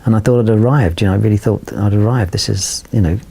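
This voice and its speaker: Fast, gravelly older man. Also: lowish voice. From London, England. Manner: rambling, animated, many fillers and restarts. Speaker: photographer guest. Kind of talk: anecdotal storytelling.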